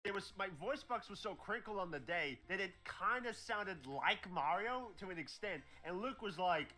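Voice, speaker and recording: Casting: man, bright and lively voice, chatty voice actor talking shop. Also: high-pitched, normal speed. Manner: casual, chatty, demonstrates voices. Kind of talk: talking about his voice work.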